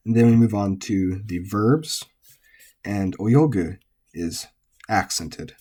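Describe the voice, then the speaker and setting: A man with a low, mellow voice and a slightly husky edge. He teaches methodically and patiently. He repeats example words slowly so learners can hear them. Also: expressive. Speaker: language teacher. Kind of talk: explaining Japanese pitch accent.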